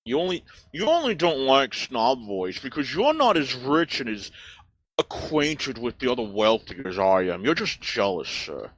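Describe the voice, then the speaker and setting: A man voicing a pompous, snobbish rich duck gentleman who talks down to everyone with hesitations, in an improvised comedy chat. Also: mid-range voice, very animated, normal speed, no echo. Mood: condescending. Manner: pompous, condescending drawl with frequent hesitations.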